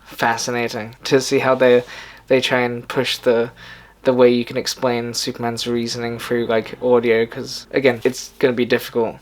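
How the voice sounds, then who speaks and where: A male video host talking in a loose, rambling way. He retells a story casually, full of filler words and restarts. His voice sits at an ordinary middle pitch for a man. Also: monotone, normal speed.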